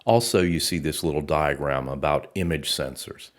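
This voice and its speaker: A man presenting a narrated slideshow tutorial, explaining equipment in a steady, explanatory way. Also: rumbling low, moderate pace. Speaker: research group presenter.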